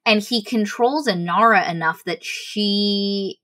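A woman's voice: mid-range voice, takes it slowly, pushed and bright, rough recording. A woman casually recapping a fantasy novel, animatedly acting out the characters' lines as she goes. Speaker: book reviewer.

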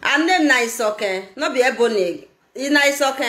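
A Nigerian woman talking on a casual live video, animated and laughing, mixing in pidgin. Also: high-pitched, normal speed, roomy sound. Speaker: social media vlogger.

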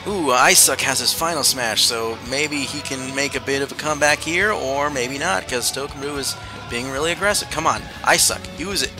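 A man's voice: medium pitch, normal speed. Young guy yapping over his smash match, game music going underneath. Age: young adult. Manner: excitable, joking commentary on the match. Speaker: gaming YouTuber. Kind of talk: live game commentary. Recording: game music and sound behind the voice.

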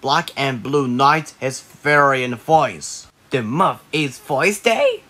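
A man voicing an excitable cartoon character who bickers with a witch in an animated, squabbling way. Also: medium pitch, slow, exaggerated voice. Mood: bickering. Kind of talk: cartoon voice acting.

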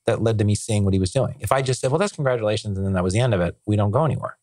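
A man talks quickly on a podcast, tumbling from one eager thought to the next. His voice sits a little low and sounds dry and close to the mic, with no room behind it. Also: darkish tone, dry recording. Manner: rambling, enthusiastic, piles up filler words and restarts. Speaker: podcast guest. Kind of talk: casual conversational interview.

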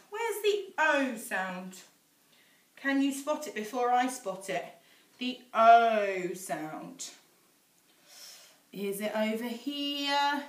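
A young female teacher with a high, bright voice leads a phonics lesson, drawing out each letter sound slowly and patiently. She is recorded from a few steps away in an echoey room. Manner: slow, sing-song teacher voice, sounding out letters. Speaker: infant school teacher. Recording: echoey room, voice a little far off.

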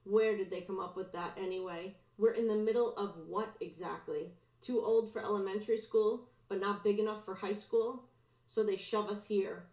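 A woman's voice: medium pitch, steady tone, normal speed, a little mellow, natural voice. Smug sneering schoolboy bully, voiced by a woman reader; roomy, muffled take. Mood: scornful. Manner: sneering, falsely sweet. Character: boy middle schooler, smug and manipulative. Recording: roomy, dull lo-fi recording.

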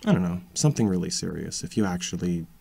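A man's voice: deep voice, animated, vocal fry, mellow, husky, no room sound. A man speaking in character during a role-play, swearing constantly and often stopping to restart his sentences. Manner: halting, with frequent restarts.

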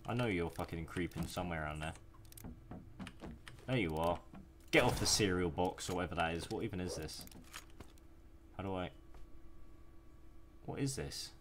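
A man's voice: sits low, normal speed, long pauses, a bit bright, slight background noise. A young man giving casual, profane gameplay commentary and taunting the enemies he hunts. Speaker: gaming YouTuber. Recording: music playing behind the voice.

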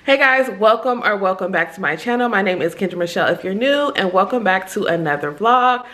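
A woman's voice: medium pitch, animated, fairly bright tone, faint music behind. Upbeat chatty woman vlogger. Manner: upbeat, chatty, uses slang like "giving vibes"; talking fast. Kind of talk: casual vlog chat to camera.

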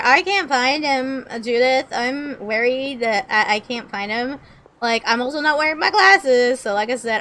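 A woman's voice: on the high side, expressive, moderate pace, pushed and bright. Goofy woman in her late twenties. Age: late 20s. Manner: goofy, rambling, joking. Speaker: gamer. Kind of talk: casual game commentary.

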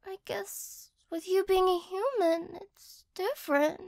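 A woman voicing a sleepy, apologetic cat-girl girlfriend in a whispered role-play, speaking softly and hesitantly close to the mic. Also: extremely high pitch, takes it slowly, no echo, full character voice. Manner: soft, gentle, hesitant and apologetic. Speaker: ASMR role-play artist.

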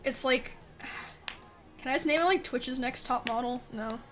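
A woman's voice: high voice, normal speed, faint music behind. A young woman streaming from home, chatting casually and thinking aloud, laughing often at her own ideas.

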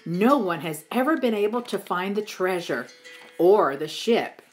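A kindly woman librarian in a storybook speaks calmly and encouragingly, close to the reader's own natural voice, as a woman reader plays her. Unhurried and lively in tone. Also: medium pitch, soft background music, lightly acted.

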